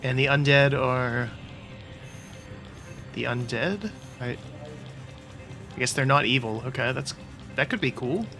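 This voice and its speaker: A man's voice: medium pitch, slow pace, creaky, long pauses. A man doing casual let's-play commentary, making sarcastic, joking asides as he plays. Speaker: gaming YouTuber. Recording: game audio with music behind.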